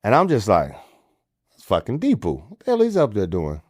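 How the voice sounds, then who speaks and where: Middle-aged American man, podcast storyteller, very expressive pitch, dry close mic. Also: a little fast, no room sound. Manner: animated storyteller, puts on voices for quotes, swears freely. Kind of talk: casual storytelling.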